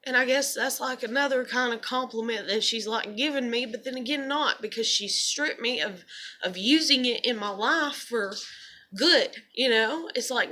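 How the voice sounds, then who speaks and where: A young woman rambles to camera in an animated, unplanned vlog monologue, her speech full of "you know" and restarts. Her voice sits a little high and sounds bright and forceful. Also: normal speed. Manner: animated storyteller, filler-heavy, lots of "you know". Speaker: vlogger.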